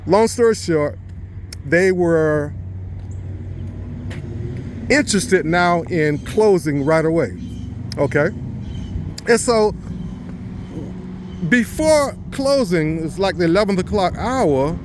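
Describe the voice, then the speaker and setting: A man, a real estate investor, telling a story about a deal, speaking deliberately and stressing key words as he quotes the people involved. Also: sits high, animated, background noise.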